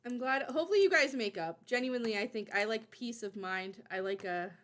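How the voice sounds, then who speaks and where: A woman streamer chatting casually to her live audience, excitable and rambling, often restarting her sentences. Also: on the high side, fairly quick.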